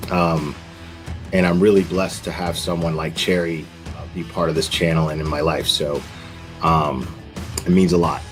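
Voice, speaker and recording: A man's voice: very deep voice, flat delivery, moderate pace, faint music behind. A young man hosting his channel, ranting heatedly and profanely with stammering restarts. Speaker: channel host. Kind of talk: casual vlog rant.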